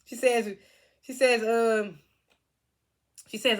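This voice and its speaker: A woman's voice: medium pitch, moderate pace, pauses often, a bit bright. A woman casually recapping a reality TV reunion, chatty and laughing often as she quotes the cast.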